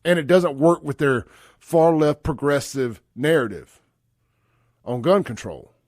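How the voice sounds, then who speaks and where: Blunt talk radio host. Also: male voice, fairly high pitch, animated, a little slow, darkish tone, dry recording, clean studio sound. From Mississippi. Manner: blunt, folksy, calls listeners brother. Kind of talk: conservative talk radio commentary.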